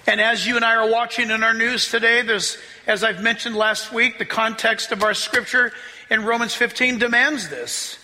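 A man preaching a sermon as a pastor, excitable, often laughing and rising to shouts as he reads scripture. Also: extremely high pitch, moderate pace, in a large hall.

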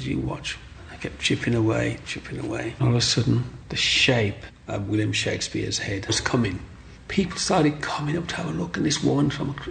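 A middle-aged man telling his life story in an interview, animated, acting out the voices of people in his story. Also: medium pitch, vocal fry, a little hiss or hum. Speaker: guest.

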